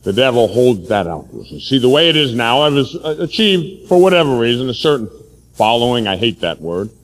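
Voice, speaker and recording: A man, a Catholic priest, preaching a sermon forcefully, telling stories from his own life. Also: medium pitch, sing-song, a little fast, big-room sound.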